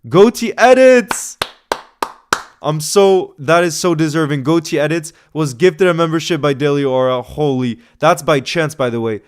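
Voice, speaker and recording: A young man hosting a football live stream, reading out viewer messages and giving excitable shout-outs. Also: a little high, a little fast, few pauses, clear, resonant tone.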